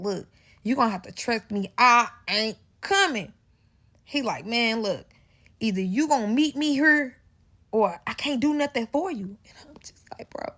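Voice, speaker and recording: Gravelly St. woman telling a storytime. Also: a little high. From St. Louis, Missouri. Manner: animated, profane, keeps addressing listeners as y'all. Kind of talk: serialized storytime recap.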